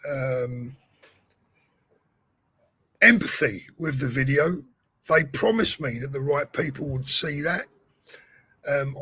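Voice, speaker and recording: A man's voice: fairly high pitch, bright, forceful tone, slightly rough, dry recording. A male host chatting on a live stream, earnest, telling his news in short bursts. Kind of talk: casual live-stream chat.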